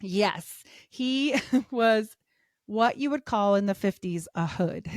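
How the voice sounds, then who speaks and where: A woman in her thirties, a podcast guest chatting casually, telling stories with lots of laughter and playing the other people in them in a higher voice. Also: slow, dry recording, clean studio sound. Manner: animated storyteller, acts out quotes in a higher voice; laughs often, swears casually.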